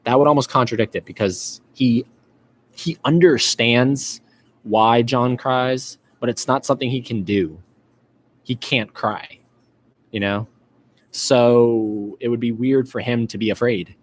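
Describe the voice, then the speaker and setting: A man's voice: mid-range voice, a little slow. A man hosting a live-stream podcast, chatting casually and reading out viewer comments, with lots of fillers and restarts. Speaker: podcast host.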